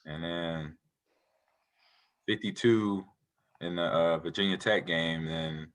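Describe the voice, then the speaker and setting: Guest: man in his forties, low and forceful, lively rambling storyteller. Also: slow pace. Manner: animated, rambling storyteller who acts out quotes. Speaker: interview guest, retired football player. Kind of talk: casual interview storytelling.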